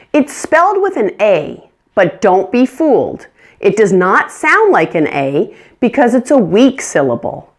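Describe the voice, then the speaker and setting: A woman teaching English pronunciation, modeling sounds with clear, deliberate demonstrations. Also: medium pitch. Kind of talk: pronunciation lesson.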